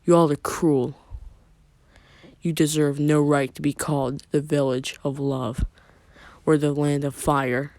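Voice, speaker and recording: A man voicing a loyal young girl who scolds a crowd with flat scorn. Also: on the high side, measured pace, gravelly, long pauses, no echo. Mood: scornful.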